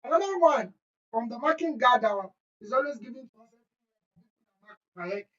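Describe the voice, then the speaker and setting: A woman's voice: on the high side, expressive, unhurried. Emphatic woman teacher, lo-fi. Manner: emphatic, scolding, repeats key points. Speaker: chemistry teacher. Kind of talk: exam-prep lesson, screen-share walkthrough.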